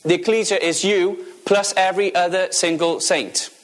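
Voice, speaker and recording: A man's voice: sits high, steady tone, moderate pace. A man preaching a sermon, emphatic, asking the audience questions and repeating key phrases.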